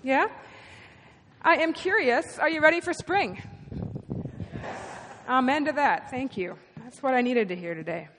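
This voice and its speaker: Female pastor, high voice, casual and inviting sermon delivery, long church reverb. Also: lively intonation, a little slow, pauses often, a bit bright, a little hiss or hum. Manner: conversational, inviting the congregation to speak. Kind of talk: interactive sermon.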